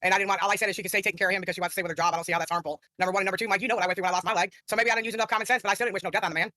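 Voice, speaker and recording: A woman's voice: mid-range voice, steady tone, rapid-fire, bright, forceful tone, no room sound, clean studio sound. A woman co-host on a live stream, earnest and rambling as she explains and apologizes. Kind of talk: heated live-stream debate.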